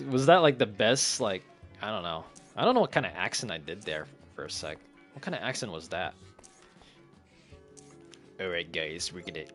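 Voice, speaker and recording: A low-voiced man streaming a cozy renovation game, speaking slowly and easily. He chats with his viewers and chuckles as he goes. Soft game music plays underneath. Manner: laid-back, chuckles often, talks to chat. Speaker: gaming streamer. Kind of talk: relaxed gameplay commentary, reading chat. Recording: faint game music behind.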